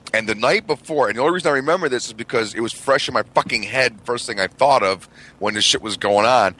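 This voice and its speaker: Animated, profane middle-aged male storyteller. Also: on the low side, poor audio. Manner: animated, profane, acts out quotes. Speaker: radio show co-host. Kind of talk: casual storytelling chat.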